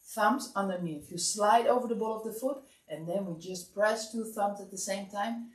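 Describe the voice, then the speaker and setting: A woman teaching a massage class, giving calm step-by-step instructions in a relaxed, drowsy way. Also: medium pitch, moderate pace. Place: warm room. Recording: echoey room, distant mic.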